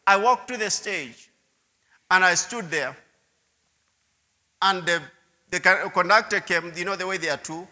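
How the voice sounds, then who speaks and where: A man's voice: sits high, unhurried, long pauses, bright, forceful tone. A man preaching a sermon testimony, telling his story with repeated words and asides to the listeners. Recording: long hall reverb.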